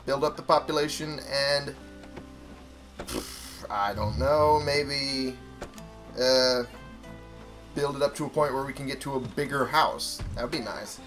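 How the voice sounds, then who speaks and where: A man's voice: medium pitch, measured pace, pauses often, fairly bright tone, faint music behind. A young man casually commenting on a video game he is playing, talking to his viewers and swearing freely. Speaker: gaming YouTuber.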